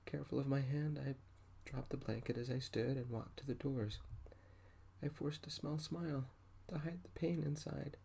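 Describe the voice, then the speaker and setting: A man narrating an audiobook in a soft-spoken ASMR style, with a gentle, intimate, emotional first-person delivery. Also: medium pitch, steady tone, moderate pace, gravelly, husky.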